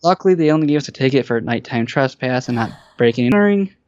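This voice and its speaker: A man's voice: medium pitch, expressive, quick pace, darkish tone, smooth, no room sound, lo-fi sound. A man telling stories as a podcast guest, casual and rambling, with lots of fillers and restarts. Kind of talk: casual storytelling.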